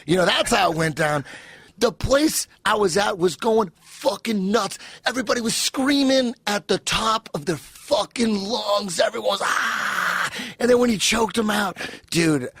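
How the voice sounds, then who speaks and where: High husky guy ranting excitedly, lots of swearing, dry close mic. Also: moderate pace, no echo. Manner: animated, profane, acts out phone call in shouts. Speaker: podcast guest. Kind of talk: excited storytelling chat.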